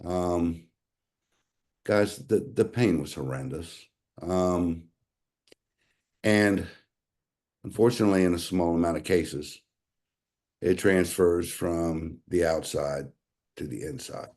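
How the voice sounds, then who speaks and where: Man, 60s, mellow dark voice, earnest storytelling, addresses audience. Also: low-pitched, slow pace, pauses often. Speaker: speaker sharing a health testimonial. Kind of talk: personal testimony to an audience.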